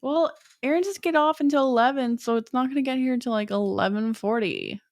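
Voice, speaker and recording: A woman's voice: high voice, lively intonation, fairly quick, no room sound, studio quality. Understated woman podcast co-host. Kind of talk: casual chat.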